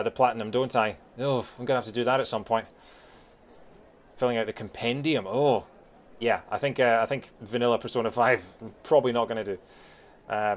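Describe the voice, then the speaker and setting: A man with a softened Scottish accent chats loosely with his stream viewers while he plays a game. He rambles a little and fills gaps with ums and uhs, at an everyday middle pitch. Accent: Scottish, softened by years in England. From Scotland. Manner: chatty and rambling, many fillers, frequent laughter. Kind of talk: casual chat with viewers during a live game stream.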